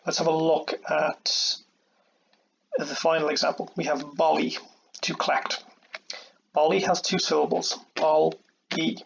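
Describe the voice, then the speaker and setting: Male teacher, patient, explains step by step; slightly high, flat delivery. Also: unhurried, gravelly, long pauses, lo-fi sound, slight background noise. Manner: patient, repeats "okay" and "all right" often. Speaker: Irish language teacher. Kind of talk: explaining a grammar lesson step by step.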